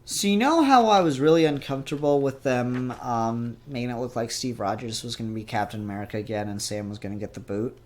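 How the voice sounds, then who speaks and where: A man's voice: medium pitch, brisk, few pauses, darkish tone. A young man giving a casual spoken review of comics, in a rambling, chatty and upbeat way.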